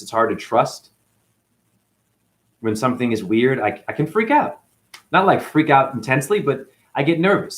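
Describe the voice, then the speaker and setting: Emotional man telling a grievance story. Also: mid-range voice. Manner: emotional, recounting grievances with acted quotes. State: chronic hip pain. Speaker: janitor. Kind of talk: personal vlog storytelling.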